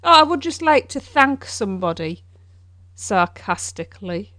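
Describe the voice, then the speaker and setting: A woman's voice: medium pitch, big pitch swings, unhurried, sharp tone, no echo, clean studio sound. A woman co-hosting a theme-park podcast, chatting casually with giggles and playful sarcasm. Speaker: podcast co-host. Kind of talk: casual chat.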